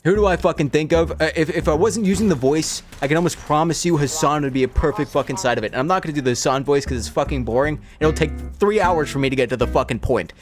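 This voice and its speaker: A man's voice: on the high side, fast talker, few pauses. A man ranting sarcastically with lots of swearing while doing commentary for his YouTube video.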